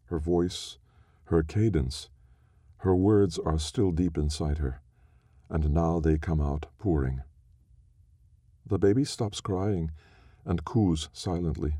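A man narrating a story in a slow, measured, solemn reading. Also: deep voice, dark tone, no room sound, studio quality.

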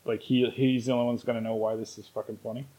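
A man's voice: medium pitch, level tone, very fast, dark tone, poor audio. A man hosting a podcast, blunt and laid-back, swearing casually. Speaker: podcast host.

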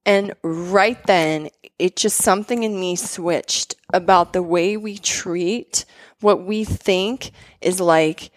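A woman's voice: lowish voice, slow pace, no echo. Chatty woman, dry close sound. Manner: animated storytelling with many fillers. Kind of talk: casual conversation.

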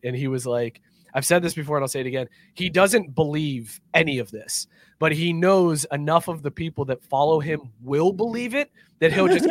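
A man co-hosting a sports podcast, ranting and joking in a sarcastic, animated way. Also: a little high, dry recording. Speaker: podcast co-host. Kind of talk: casual sports chat.

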